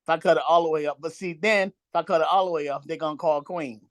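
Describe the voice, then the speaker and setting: A man's voice: fairly high pitch, fairly even intonation, fast, dry recording. A man in a casual group discussion, talking in a hesitant, chatty way with restarts. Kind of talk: casual chat.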